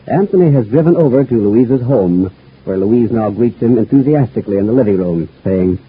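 A male announcer giving scripted narration for a radio serial in a smooth, formal way. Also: fairly low pitch, animated, brisk. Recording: tinny old radio broadcast.

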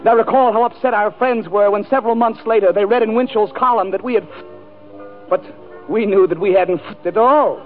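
Over orchestra music and a studio audience, a man with a high, brisk voice performs a 1940s radio comedy monologue, declaiming in an overwrought, mock-romantic style. He's a regular on the show, and the recording has the tinny sound of an old radio broadcast.

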